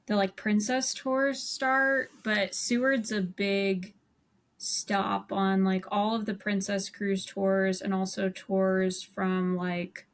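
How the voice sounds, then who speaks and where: A woman's voice: medium pitch, level tone, takes it slowly. A young woman co-hosting a podcast, recounting a trip in chatty, filler-heavy casual talk. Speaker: podcast co-host. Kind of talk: casual storytelling chat.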